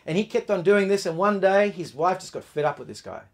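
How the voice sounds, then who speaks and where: A man's voice: high voice, lively intonation, a little fast. A man preaching a sermon, emphatic, often restarting words and putting questions to his listeners.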